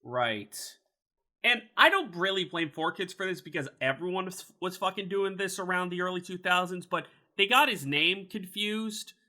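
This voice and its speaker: A man hosting a casual podcast chat, animated, incredulous and swearing freely. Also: high voice, normal speed. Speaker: podcast host.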